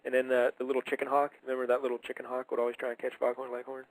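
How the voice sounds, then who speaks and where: Fast-talking, rambling male host. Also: medium pitch, completely flat delivery, rough recording. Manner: rambling, enthusiastic, quick. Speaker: radio show host. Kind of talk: casual chat.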